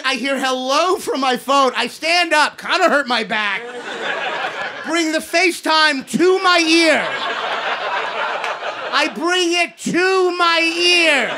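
A man in his thirties doing a stand-up set in a comedy club, ranting in an exasperated way and shouting his punchlines into a handheld mic. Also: extremely high pitch, creaky. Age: 30s. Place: comedy club basement before a live audience. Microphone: handheld stage microphone. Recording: live club recording with audience noise. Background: audience laughter.

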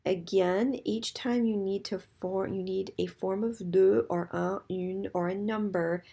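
Husky, mellow-voiced woman teaching French. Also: mid-range voice, fairly even intonation. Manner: patient, explains slowly and repeats example phrases. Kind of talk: recorded slide lesson.

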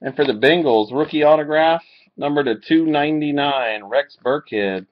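A man opening trading card packs live and calling out each pull, reacting with excitement. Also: fairly high pitch, moderate pace. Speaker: card breaker. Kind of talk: live card break commentary. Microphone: webcam mic. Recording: dull lo-fi webcam audio.

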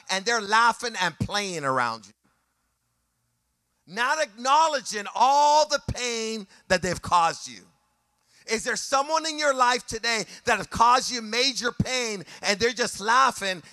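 A male pastor delivers an impassioned sermon in a high, bright, ringing voice. He repeats phrases for emphasis and lifts his lines into a sung, rhythmic preaching cadence. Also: no echo, clean studio sound.

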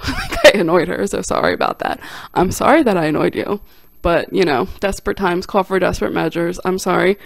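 A young woman who vlogs and does stand-up tells a funny personal storytime, animated and self-deprecating, slipping into quick quoted voices. Her voice is on the low side with a gravelly vocal fry, and the recording is close and dry with no room sound.

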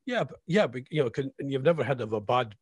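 A male radio co-host with a mid-range, animated voice speaks fast with a breathy edge and no echo. He teases his partner with mock-serious questions in casual banter, sounding hesitant and restarting often.

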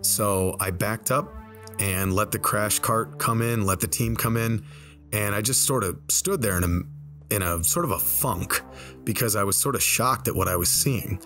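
A man telling a personal story in a relaxed, conversational way over gameplay, slowing down for the tense moments. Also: lowish voice, faint music behind. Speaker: storyteller and game video creator. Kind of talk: casual spoken storytelling. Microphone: desk microphone.

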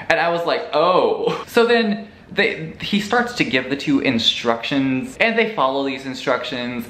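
A man casually recapping a book's plot for his vlog, animated and swearing, popping into quick voices for the characters. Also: mid-range voice, slight background noise. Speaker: book vlogger. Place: room at home. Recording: echoey room with faint ambience.

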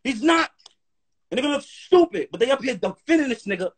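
A man's voice: very high-pitched, brisk, husky. A man talking as a guest on a live stream in a heated, profane rant, often checking "you heard?". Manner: profane, animated, keeps asking "you heard?".

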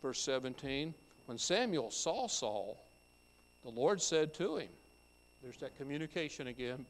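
A pastor preaching a sermon, reading scripture aloud and explaining it verse by verse. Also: male voice, medium pitch, measured pace. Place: church sanctuary. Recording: church hall with long reverb.

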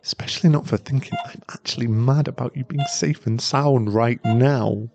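A man's voice: mid-range voice, moderate pace, muffled recording, natural voice. A man in an ASMR role-play, voicing a young boyfriend at a hospital bedside who pleads, stammers and sounds close to tears. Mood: remorseful. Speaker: ASMR voice actor.

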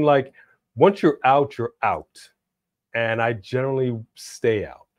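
A man's voice: mid-range voice, a little mellow, no echo, clean studio sound. A man co-hosting a live wrestling prediction stream, chatting casually and now and then bursting into a hype-announcer delivery.

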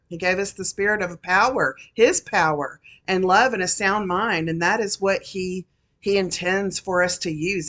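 A woman's voice: lowish voice, fairly bright tone. A woman minister giving an earnest, encouraging devotional message, often repeating her phrases. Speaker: Christian minister.

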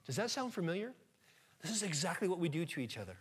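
A man's voice: high-pitched, big pitch swings, quick pace, husky. A man preaching a sermon as pastor, earnest and emphatic, asking his listeners rhetorical questions.

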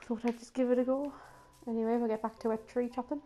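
A woman chatting casually through a gameplay session as the host of her gaming channel. Her voice is still rough after a cold, and she giggles and coaxes the animals in the game in a sing-song voice. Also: fairly high pitch, fairly even intonation, fast, noisy background.

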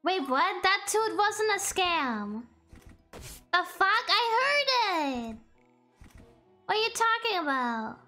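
A woman's voice: extremely high pitch, lively intonation, slow pace, bright, forceful tone, soft background music. A woman streaming a game, chatty, chaotic and playful, swearing and greeting chat. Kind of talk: live game stream commentary.

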